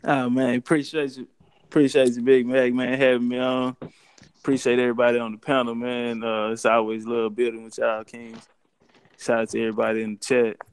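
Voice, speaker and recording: A man's voice: mid-range voice, completely flat delivery, a little fast, smooth. A man thanking the host and giving a rhyming, hype-style sign-off as a panel guest.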